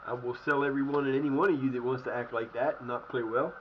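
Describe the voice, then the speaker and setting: A man's voice: mid-range voice, fairly even intonation, fast talker, lo-fi sound, a little hiss or hum. A man streaming a football management game and cursing out his own team in angry rants. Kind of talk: live-stream gameplay commentary.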